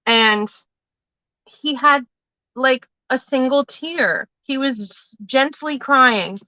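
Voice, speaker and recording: A woman's voice: high voice, slow pace, bright, forceful tone, dry recording, highs cut off. A woman hosting a casual live stream, rambling through chatty stories and swearing now and then. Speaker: livestream host and tarot reader.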